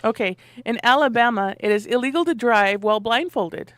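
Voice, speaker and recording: A woman co-hosting a radio morning show, joking playfully, laughing often and retelling things with lively energy into a studio microphone. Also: fairly high pitch, a little fast, dry recording. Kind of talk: casual on-air chat.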